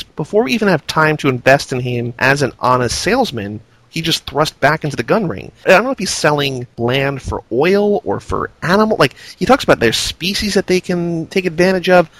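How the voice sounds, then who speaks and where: A man's voice: a little high, very animated, moderate pace, hardly any pauses, a bit bright, no echo. A man hosting a film podcast, talking through a movie in a casual, analytical, rambling way.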